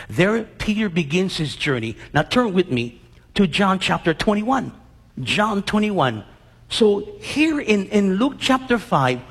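A man's voice: sits high, fairly bright tone, breathy edge, long reverb tail. A man preaching a sermon, acting out Bible scenes and quizzing his congregation with questions.

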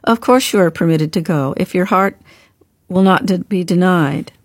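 A woman reading the part of a gentle older brother in an audiobook, speaking calmly and softly. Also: high voice, normal speed, no echo, clean studio sound. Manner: gentle, calm, softly reassuring. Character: gentle grown man, a caring older brother.

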